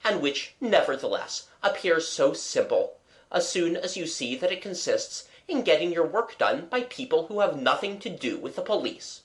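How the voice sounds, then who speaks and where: A narrator reading an audiobook chapter, with expressive shifts for the dialogue. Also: medium pitch, moderate pace.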